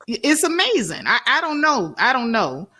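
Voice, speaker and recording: A woman hosts a livestream commentary, questioning what she has just heard. Her voice swoops up and down and sits a little high. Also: pushed and bright. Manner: incredulous, questioning. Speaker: host.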